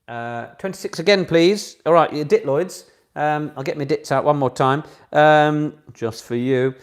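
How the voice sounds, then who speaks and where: A man's voice: on the high side, a little slow. A man hosting a casual online pub quiz from home, chatty and self-mocking, with jokey asides between questions.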